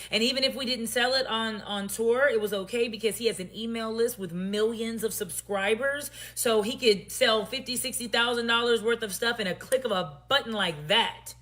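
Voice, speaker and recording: A woman in a storytime vlog, with a slightly high voice and a sassy, emphatic delivery. She makes pointed asides straight to her viewers. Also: a bit bright. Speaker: storytime vlogger.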